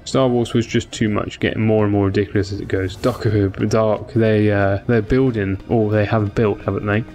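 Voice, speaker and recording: A man's voice: on the low side, steady tone, normal speed, a little mellow, soft background music. A tired man chatting casually with viewers during a game stream, rambling with many fillers. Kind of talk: casual live-stream chat.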